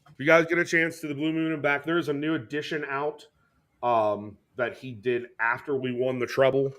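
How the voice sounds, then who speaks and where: An American man shares a story on his podcast in loose, casual chat. He swears freely and leaps up in pitch whenever he quotes someone. His voice sits at an ordinary middle pitch. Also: normal speed. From United States. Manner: animated, swearing, jumps pitch when quoting people. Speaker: podcast co-host.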